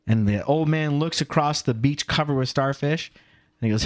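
A man's voice: medium pitch, normal speed. A middle-aged man co-hosting a podcast, telling stories and ranting with emphasis. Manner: animated storyteller, emphatic and ranting. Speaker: podcast co-host. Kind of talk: casual podcast chat.

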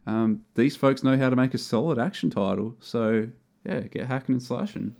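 A man's voice: medium pitch, normal speed, creaky, a little mellow. A man chatting in an easygoing, jokey way. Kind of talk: casual chat.

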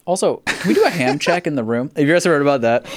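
A man's voice: fairly high pitch, fast, background noise. A man hosting a podcast in casual chat, ranting with laughter and swearing. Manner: animated, profane, laughing rants. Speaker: podcast host.

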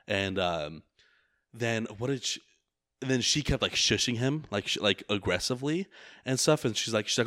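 Man, casual chat, rambling profane storytelling, low voice, dry close sound. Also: fairly quick, fairly bright tone, no echo. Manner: rambling and profane, heavy on filler words. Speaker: rideshare driver telling a story.

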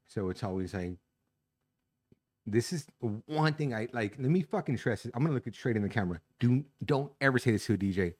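A man's voice: mid-range voice, animated, brisk, darkish tone. A man who works as a DJ, talking as a guest on a podcast, swearing freely, laughing often and putting on voices when he quotes people. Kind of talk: casual podcast chat.

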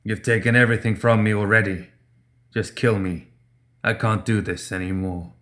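A man's voice: fairly low pitch, fairly even intonation, moderate pace, a bit bright, lightly acted. Man doing a desperate, beaten shopkeeper. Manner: pleading, crying out in pain.

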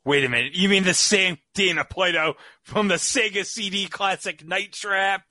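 A man co-hosting a casual movie podcast, playful and excitable. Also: high-pitched, moderate pace. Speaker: podcast co-host.

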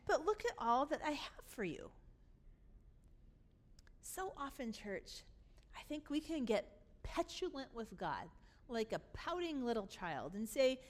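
High-voiced woman pastor preaching. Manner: emphatic, voicing the father's lines with rising force. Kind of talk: sermon. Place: church sanctuary.

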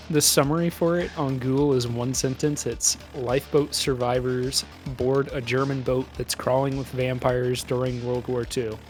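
A man with a mid-range voice co-hosts a podcast in a relaxed, dry tone. He swears casually and pauses on fillers while he thinks. Faint music plays under the talk. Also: medium pitch. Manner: laid-back, dry, swearing, hesitant fillers. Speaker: podcast co-host. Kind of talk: casual movie review chat.

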